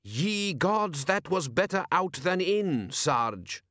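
A man's voice: sits high, big pitch swings, takes it slowly, a bit bright, no echo, clean studio sound, pitched above the performer's own voice, exaggerated voice. A man reading an audiobook voices a frightened sailor who moans his story of a sea monster. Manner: moaning, fearful. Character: frightened older male sailor, lookout.

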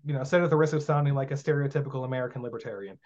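A man's voice: medium pitch, rapid-fire, darkish tone. A man talking as a guest on a casual podcast, blunt and profane, often acting out little bits of dialogue. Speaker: guest teaching magic. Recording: dull lo-fi sound.

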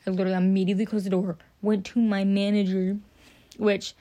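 A woman's voice: medium pitch, level tone, brisk, mellow, no echo. A young woman telling rambling, profane work anecdotes in casual storytelling. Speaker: podcast host.

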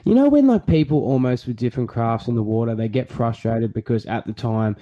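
A man hosting a casual podcast chat, reacting with excitement and swearing freely. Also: medium pitch, a little fast, dull audio. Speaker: podcast host.

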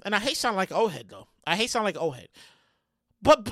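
Woman, around forty, podcast host, excitable, swearing, bright voice, dry close sound. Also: medium pitch, fairly quick, pauses often, no echo. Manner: loud, excitable, yells and swears often. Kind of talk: animated solo commentary.

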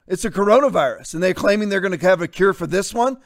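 High-voiced sarcastic man ranting. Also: fast, no room sound, clean studio sound. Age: 50s. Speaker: talk show host. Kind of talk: opinionated commentary.

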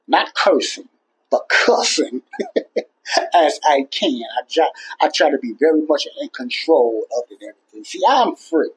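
A man's voice: a little high, slightly rough, poor audio. A man hosting a casual Christian talk show, rambling and repeating himself in an earnest, plainspoken way. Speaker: Christian podcast host. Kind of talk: casual faith talk to listeners.

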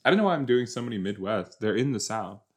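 A man's voice: fairly low pitch, lively intonation, quick pace, darkish tone. A young man in casual reaction commentary, rambling and joking as he reacts to a TV episode. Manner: chatty, rambling, jokey, puts on silly voices. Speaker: podcast host reacting to a TV episode.

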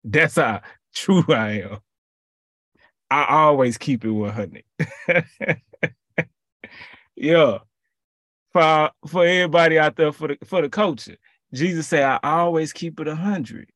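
A man giving a casual sermon in relaxed slang, repeating his phrases for emphasis. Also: on the high side, slow, long pauses, no room sound, clean studio sound. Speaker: preacher.

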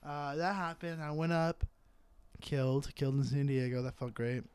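A young stand-up comedian from the San Francisco Bay Area co-hosts a podcast, spinning a long, profane, rambling story in casual conversation. His voice is on the high side yet darkish, clear and resonant, with fairly even intonation and a moderate pace. A close podcast mic captures him with no room sound.

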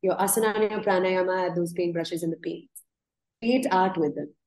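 As a podcast guest, a yoga teacher shares personal stories reflectively, speaking earnestly and frequently laughing as she restarts her sentences. Her somewhat low, slightly mellow voice stays steady at a moderate pace, captured in a reverberant, low-quality recording.

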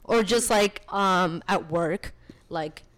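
A woman in her twenties, a podcast guest, telling her story in casual, chatty talk full of "like", lively and animated as she retells it. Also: lowish voice, takes it slowly. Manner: chatty, peppers speech with "like".

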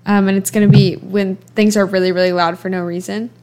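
A woman's voice: mid-range voice, little pitch movement, a little fast, darkish tone. A twenty-year-old woman hosting a podcast in an easygoing, chatty way. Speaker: podcast host. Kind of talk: casual chat.

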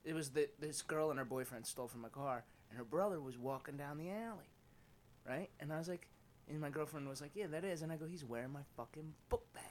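A man from eastern Pennsylvania, a comedian guest on a podcast, telling stories in an animated, profane way and acting out the dialogue. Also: fairly high pitch, fairly quick, a little hiss or hum. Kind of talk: casual chat.

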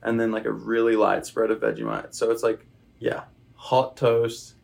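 A young man with an Australian accent chatting casually as a podcast guest, relaxed and rambling with plenty of fillers. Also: mid-range voice, moderate pace, creaky. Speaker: guest, baseball player. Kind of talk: casual interview chat. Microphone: podcast microphone.

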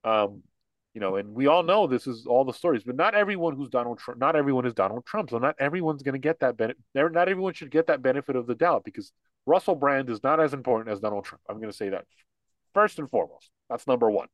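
A man's voice: mid-range voice, lively intonation, fast, no echo. A young man co-hosting a podcast, talking bluntly in casual political chat, full of restarts and fillers. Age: young adult. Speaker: podcast co-host.

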